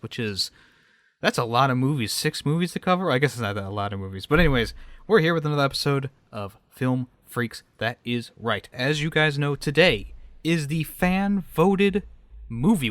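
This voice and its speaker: A man hosts a casual movie podcast in an easygoing, rambling way. His voice sits at a middle pitch and sounds close and dry, with no room around it. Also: fairly bright tone, no room sound. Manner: chatty, loose, self-correcting. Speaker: podcast host.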